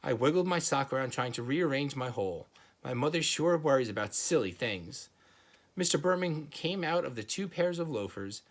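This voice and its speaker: A man's voice: mid-range voice, expressive, normal speed. Man reading a children's book aloud. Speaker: reader.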